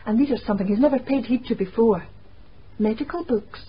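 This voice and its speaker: A woman's voice: fairly high pitch, brisk, a little hiss or hum, close to an everyday voice. An actress playing an anxious, earnest young woman. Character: worried young Scottish woman, Christine. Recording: muffled old radio recording.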